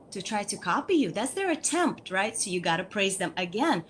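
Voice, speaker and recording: A woman's voice: medium pitch, big pitch swings, normal speed, few pauses. Woman speech coach walking parents thru activities step by step, keeps asking okay?, slight background hiss. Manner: patient, repeats key points, frequent "okay?" check-ins. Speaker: speech therapist guest. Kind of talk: instructional talk to parents.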